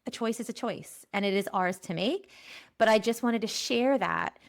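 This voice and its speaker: A woman from Pennsylvania hosts a podcast and delivers a spiritual monthly energy forecast as a playful monologue. She laughs often and slowly draws out key phrases, speaking in a medium-pitched voice.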